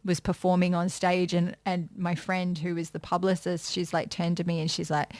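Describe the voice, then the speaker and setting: A woman chats as an interview guest, spinning backstage stories and slipping into bright put-on voices for quotes. Her voice sits on the low side, and the sound is dry and close. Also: normal speed, few pauses, no echo. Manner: chatty storyteller, acts out quotes with lively voices. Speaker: music and pop culture presenter, guest. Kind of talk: casual interview chat.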